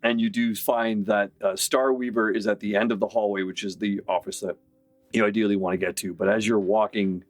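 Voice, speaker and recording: A man runs a tabletop game and describes each room in a relaxed, descriptive way. His voice sits a little low, and he leaves filler pauses between the details. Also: no room sound, soft background music. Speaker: game master.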